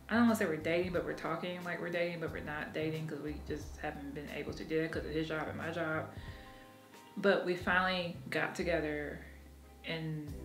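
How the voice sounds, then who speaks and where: Her voice is lowish with a fairly bright tone, captured with a roomy sound. Vlogging confessionally from her apartment, she's blunt and full of swearing, laughing at her own expense as she talks.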